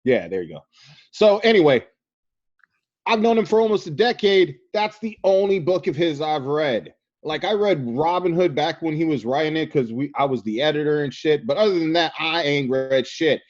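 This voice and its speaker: A man talks loosely on a podcast, swearing freely and joking as he goes. His voice sits a little high. The sound is dull and lo-fi. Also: animated, normal speed. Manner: loose, profane, laughing banter. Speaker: comics writer and editor, podcast guest. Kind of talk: casual podcast chat.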